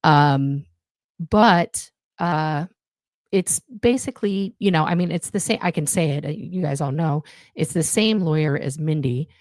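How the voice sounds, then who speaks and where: A woman's voice: low-pitched, a little slow, a little mellow, dry recording, clean studio sound. A young adult woman chatting as a guest on a live stream from a home setup, rambling with many fillers and restarts. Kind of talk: casual chat on a live stream. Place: home room. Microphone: budget USB mic, home setup.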